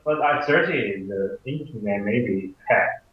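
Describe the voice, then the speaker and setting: Man from Taiwan, Mandarin native, English student, halting and unhurried; phone-like, roomy audio. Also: fairly low pitch. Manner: hesitant, searching for words with many fillers and restarts. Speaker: language student. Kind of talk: online English conversation lesson. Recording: echoey, tinny call audio.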